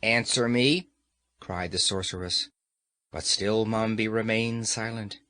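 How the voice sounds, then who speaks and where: A man reading a classic novel aloud as an audiobook narrator, in a measured, expressive way. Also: lowish voice, no room sound. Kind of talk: scripted narration.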